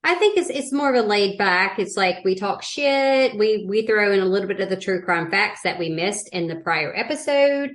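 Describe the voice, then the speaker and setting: A woman's voice: medium pitch, lively intonation, normal speed, few pauses. A woman with a Southern US accent co-hosting a podcast, blunt and sweary, chatting casually. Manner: blunt, sweary, laughs often. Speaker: podcast co-host. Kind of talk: casual chat.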